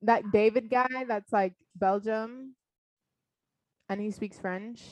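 A woman's voice: medium pitch, fairly even intonation, takes it slowly, darkish tone. Young woman in a teasing casual chat. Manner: playful, teasing, many ums and likes. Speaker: friend in a chat.

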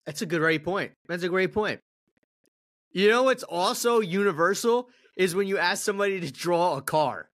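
A man's voice: high voice, moderate pace, fairly bright tone. A man co-hosting a sports podcast, chatting casually and laughing often at jokes. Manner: joking, laughs a lot. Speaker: podcast co-host.

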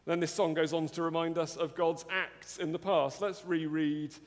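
In a church hall with a long reverb, a man preaches earnestly, his slightly high voice delivered flatly at a moderate pace. He often turns to the congregation with tag questions such as "isn't it?"

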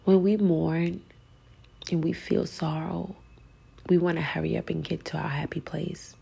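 A female spiritual speaker preaches a slow, deliberate sermon in a low, heavily gravelly, rough voice. Her delivery is flat yet emphatic as she urges listeners intensely, repeatedly dropping to a hushed whisper.

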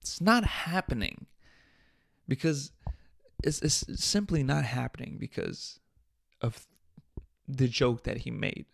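A man's voice: medium pitch, very animated, slow, vocal fry, long pauses, a bit bright. A man hosting his own podcast, talking bluntly and profanely in a casual, exasperated rant. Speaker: podcast host.

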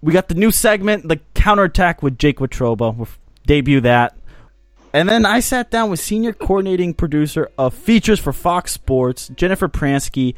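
A man's voice: fairly high pitch, lively intonation, moderate pace, dry recording, faint music behind. A man from the United States hosting a soccer podcast in casual chat, teasing his co-hosts and laughing often. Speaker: podcast host.

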